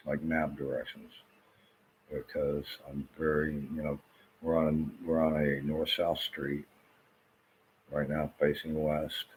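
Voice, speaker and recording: Man, very low voice, agitated and rambling, swears a lot, faint hiss behind. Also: a little mellow, poor audio. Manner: restless, repeats himself, swears often. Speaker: vlogger. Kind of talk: rambling agitated monologue to camera.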